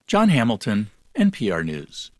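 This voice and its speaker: A man reporting a radio news story in a measured broadcast delivery. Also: lowish voice, huge pitch swings, darkish tone, dry recording, clean studio sound.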